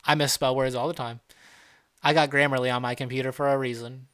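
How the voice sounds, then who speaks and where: A man's voice: medium pitch, level tone, fairly quick, fairly bright tone, clean tone. A young adult man from Ohio with a Midwestern accent and a slight Southern twang, hosting a casual live stream chat and answering viewers' questions in a joking, loose way. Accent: Midwestern American with a slight Southern twang. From Ohio, USA. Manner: joking, loose, playful teasing. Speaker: livestream host.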